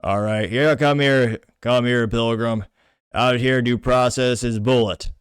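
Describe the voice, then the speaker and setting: A man doing a rough impression of a gruff old-time cowboy film star, drawling and admittedly not very good at it. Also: medium pitch, steady tone, unhurried, no echo, studio quality, lightly acted. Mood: mock-tough. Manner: drawling, clumsy imitation.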